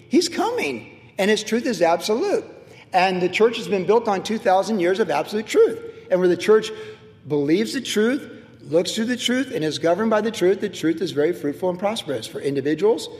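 A man's voice: sits high, very animated, normal speed, darkish tone, long reverb tail. A middle-aged man preaching a sermon as pastor, emphatic and repetitive as he drives home his points.

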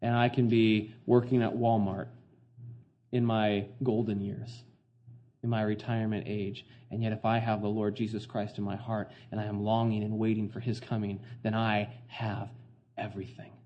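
A man's voice: lowish voice, flat delivery, moderate pace, highs cut off. Earnest middle-aged male preacher. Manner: earnest, conversational preaching with many fillers and restarts. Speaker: pastor. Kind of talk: sermon.

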